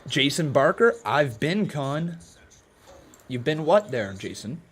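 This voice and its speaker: A man's voice: fairly high pitch, sing-song, takes it slowly, a bit bright, husky. A man hosting a casual live stream, reading out donations and chatting with viewers, laughing at his own jokes. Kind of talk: casual watch-along chat with live chat.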